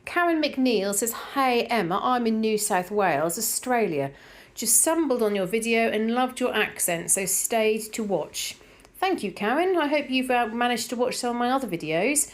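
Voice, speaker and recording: A woman's voice: fairly high pitch, animated, normal speed. A middle-aged woman with a Norfolk accent, chatting casually as she reads out viewer comments for her decluttering vlog, rambling with plenty of fillers. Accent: Norfolk English. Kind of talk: casual chat, reading comments aloud.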